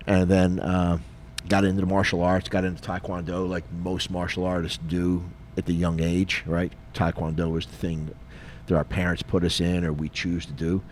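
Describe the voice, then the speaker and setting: A middle-aged retired police officer co-hosting a podcast, telling a story in a lively, casual way and acting out the dialogue. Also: male voice, low-pitched, normal speed, few pauses, a little hiss or hum. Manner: animated, acts out dialogue, frequent fillers.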